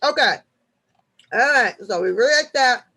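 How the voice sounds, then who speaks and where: A woman hosting a casual live-stream chat, reading news articles aloud and joking back at her viewers, shifting from low mutters to loud laughing outbursts. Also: animated, measured pace. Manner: chatty, reads articles aloud, jokes with the chat.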